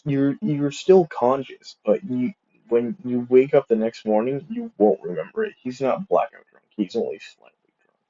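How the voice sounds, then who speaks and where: A man's voice: mid-range voice, dark tone, dull audio. Rambling man retelling a fan story. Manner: rambling, full of fillers and restarts.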